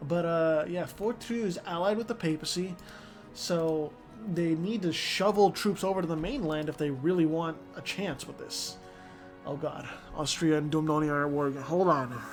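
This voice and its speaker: An excitable strategy game commentator talks through a match in a loose, casual way, dropping swear words and tripping over restarts. The pitch sits right in the middle, with soft music playing faintly underneath. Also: moderate pace.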